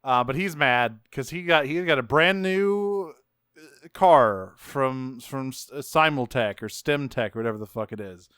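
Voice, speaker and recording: Smooth-voiced man in casual chat. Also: mid-range voice, a little slow, a bit bright, dry recording, studio quality. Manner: laid-back, swears, laughs often. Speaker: podcast co-host. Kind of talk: casual chat recapping a cartoon.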